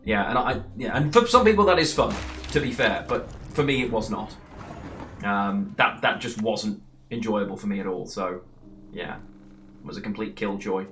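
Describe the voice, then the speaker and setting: A man's voice: fairly low pitch, lively intonation, moderate pace, pushed and bright, a little hiss or hum. Chatty man streaming a card game. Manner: chatty, rambling, answers chat between plays. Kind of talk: casual gameplay commentary.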